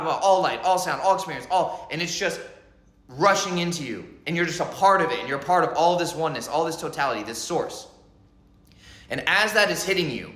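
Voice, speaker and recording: A man's voice: on the high side, sharp tone. Intense man in an echoey room. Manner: intense, repetitive, emphatic delivery. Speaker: spiritual speaker. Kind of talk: spiritual monologue.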